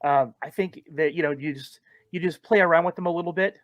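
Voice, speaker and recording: A man's voice: on the high side, a little fast, fairly bright tone, no echo. A man from California hosting a podcast, asking questions in a friendly, affirming way with frequent ums. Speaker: podcast host. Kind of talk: casual interview chat.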